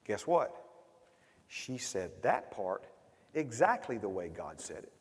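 A man preaching a sermon as pastor, with loud, emphatic bursts that drop to quiet, quick asides. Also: lowish voice, big pitch swings. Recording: long hall reverb.

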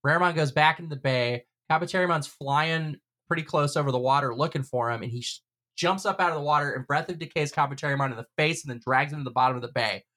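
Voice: mid-range voice, fast, bright, forceful tone. Casual podcast host, recaps loosely, laughs a lot. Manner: laughs often, loose and profane. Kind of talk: casual chat, recapping an episode.

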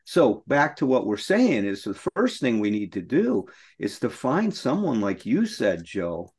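A man's voice: on the low side, sing-song, measured pace, a little mellow, husky. A middle-aged man co-hosting a recovery podcast, telling a painful personal story in an earnest, emotional way.

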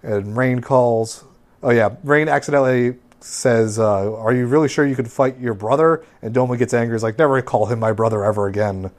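A man's voice: medium pitch, fairly quick, a little mellow. A man with an ordinary mid-range voice talks through an episode recap in a loose, rambling way. He leans on fillers and restarts as he goes. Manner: rambling, filler-heavy summarizing. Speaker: podcast co-host recapping an anime. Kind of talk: casual recap chat.

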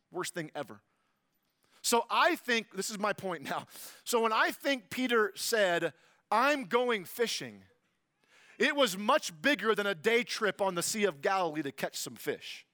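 Bright high-voiced animated male pastor. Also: no room sound. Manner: animated, jokey storytelling with sudden loud asides. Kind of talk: sermon.

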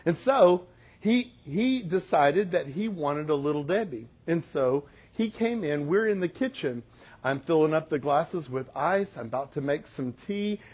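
A man giving a parenting talk, telling family stories with animated humor. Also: on the high side, unhurried, breathy edge, lo-fi sound. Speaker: parenting speaker. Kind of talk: storytelling talk to an audience.

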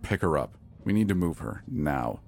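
A man's voice: rumbling low, sing-song, normal speed, vocal fry, a little mellow, soft background music, full character voice. A man doing a snarling young kidnapper. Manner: snarling, harsh.

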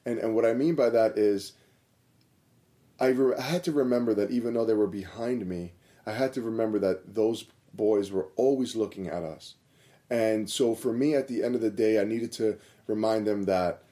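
A man's voice: fairly low pitch, dark tone. A man who coaches several sports, talking earnestly and reflectively in a casual podcast chat, repeating phrases for emphasis. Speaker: multi-sport coach and guidance counselor.

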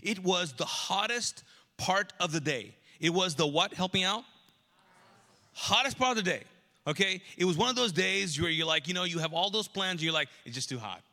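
Pastor, male, bright and fairly high voice, chatty live sermon, acts out Bible characters, reverberant church hall. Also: normal speed. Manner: conversational, asks the congregation to answer. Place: large church auditorium.

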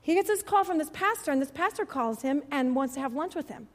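High-voiced woman telling a lively testimony. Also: fast. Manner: animated, laughing storyteller. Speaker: church speaker. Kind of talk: personal testimony. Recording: long reverb of a large hall.

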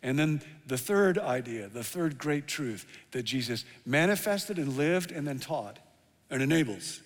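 A man's voice: mid-range voice, a little slow. Man preaching in a reverberant hall. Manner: lively storytelling, swinging from emphatic to hushed. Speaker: pastor. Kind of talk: sermon.

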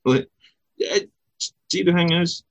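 A man's voice: high voice, huge pitch swings, slow, gravelly, no echo, dull audio. A Scottish man hosting a podcast in easygoing casual chat, often repeating words as he starts a thought. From Scotland. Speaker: podcast host.

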